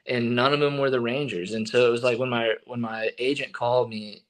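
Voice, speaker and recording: A young man from Texas, a baseball pitcher, telling stories in a casual interview and acting out what others said. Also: a little fast. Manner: animated storyteller, acting out quotes.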